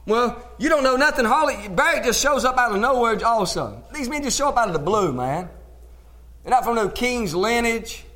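A male preacher with a strikingly high voice delivers a sermon. He talks in a folksy, plain-spoken way and climbs to emphatic shouts, tagging his points with a repeated amen. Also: lively intonation, moderate pace.

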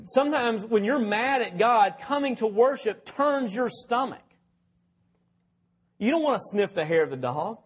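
A man's voice: extremely high pitch, expressive, a little slow, husky. A man preaching a sermon in a conversational way, asking his listeners questions and telling stories. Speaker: pastor.

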